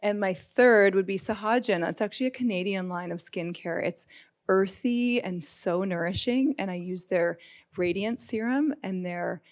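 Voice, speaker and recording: A woman's voice: medium pitch, normal speed. A woman in her late forties, a guest on a live podcast panel, chatting eagerly through her favorite products in front of an audience. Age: 40s. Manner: chatty, enthusiastic product rundown. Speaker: jewelry brand founder, guest. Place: busy pop-up shop before a live audience.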